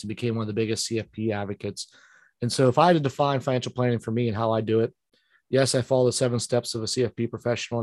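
A man's voice: mid-range voice, darkish tone, no room sound, studio quality. A man from Pittsburgh with a Pittsburgh accent, a financial planner talking as a guest in an interview, earnest and rambling with many restarts. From Pittsburgh, Western Pennsylvania. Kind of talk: interview conversation.

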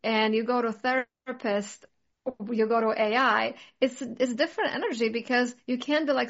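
A woman's voice: fairly high pitch, fairly even intonation, moderate pace, fairly bright tone, dull audio. A woman in casual conversation, talking earnestly and reflectively, with many "like" fillers. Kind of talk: casual chat.

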